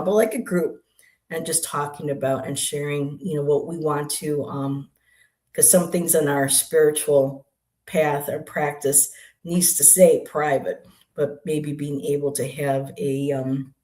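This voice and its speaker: A livestream co-host and poet chatting casually, in a meandering, halting way with many asides. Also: mid-range voice, a little mellow. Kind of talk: casual spiritual chat. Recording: roomy echo.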